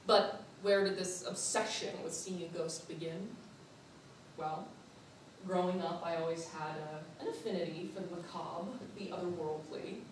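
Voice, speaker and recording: A young woman, a student performer, delivers a spooky personal story as a theatrical monologue, playful and animated and laughing often. Her lowish voice moves at a normal speed. She's recorded from far off in an echoey hall, with heavy reverb, faint ambience, and a little hiss or hum.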